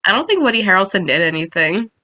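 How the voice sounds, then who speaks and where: Bright-voiced teasing young woman. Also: mid-range voice, very animated, quick pace, no room sound. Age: young adult. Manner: teasing, laughs often. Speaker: podcast co-host. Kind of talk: casual chat.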